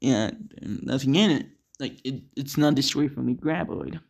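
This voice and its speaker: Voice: medium pitch, moderate pace, creaky, a little mellow. A speaker improvising a fan story in a rambling way, full of "like" fillers and giggles.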